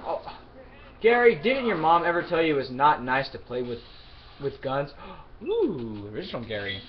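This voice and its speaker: A man casually commenting on his own game play, swearing and yelling at the game's characters, then mumbling as he loots. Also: fairly high pitch, sing-song, normal speed. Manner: mumbling asides while looting. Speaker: gamer. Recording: dull lo-fi mic with clear background noise.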